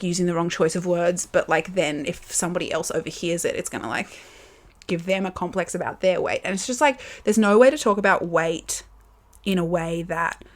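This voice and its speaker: A woman's voice: fairly low pitch, a little fast. Candid chatty Australian woman podcasting. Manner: candid, chatty, lots of fillers, swearing. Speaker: podcast host. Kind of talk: casual solo podcast chat. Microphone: camera with built-in mic.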